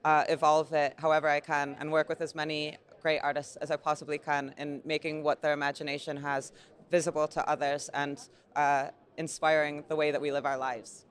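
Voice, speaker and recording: A woman's voice: sits low, level tone, a little fast. A woman with an American accent, a gallery owner and curator, talking earnestly in a casual interview at an indoor art fair, with lots of fillers and easy laughter.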